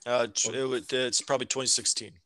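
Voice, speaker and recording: A man's voice: medium pitch, level tone, pushed and bright, no echo. A man co-hosting a podcast, debating sports casually and often restarting his sentences as he thinks. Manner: halting, repeats his words while thinking. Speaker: podcast co-host.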